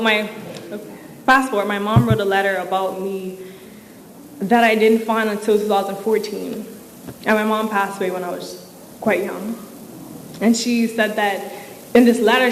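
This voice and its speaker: A young woman giving an inspirational, faith-filled commencement speech, casual and emotional, with many fillers. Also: medium pitch. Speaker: commencement speaker. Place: large hall at a ceremony. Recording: echoey hall with crowd noise.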